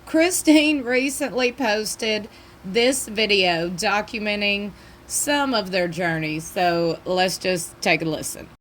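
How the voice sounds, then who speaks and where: A woman's voice: mid-range voice, takes it slowly, fairly bright tone, a little hiss or hum. A woman hosting a commentary channel, talking in a chatty, opinionated and folksy way. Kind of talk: casual commentary.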